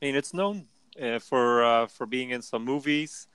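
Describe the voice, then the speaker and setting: A man co-hosting a podcast, teasing the others with a dry, easy delivery. He gives answers in a relaxed, unhurried way. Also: mid-range voice, smooth, dry recording. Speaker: podcast co-host. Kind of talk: casual chat.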